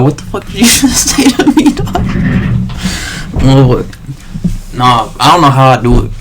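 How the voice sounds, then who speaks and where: A man livestreaming a rambling, slangy monologue full of swearing and restarts. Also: medium pitch.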